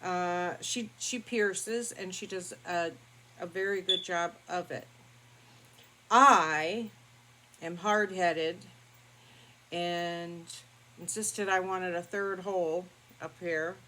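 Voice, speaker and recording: An older woman vlogger telling a personal story in a calm, rambling, matter-of-fact way with many fillers. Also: on the low side, slow, a little hiss or hum, poor audio. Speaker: beauty vlogger. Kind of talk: casual storytelling to camera.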